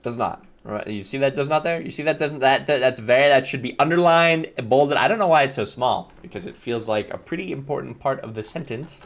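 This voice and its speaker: A young man with a mid-range voice streams live, reading viewer slides aloud and reacting with wry, bemused asides and chuckles. His casual commentary is brisk, with hardly any pauses.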